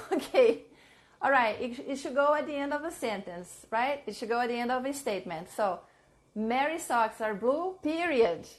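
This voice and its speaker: A Portuguese-speaking woman with a Brazilian accent, an English teacher giving a live online lesson, repeating phrases slowly for learners and mixing in Portuguese. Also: on the high side, lively intonation. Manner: switches between English and Portuguese.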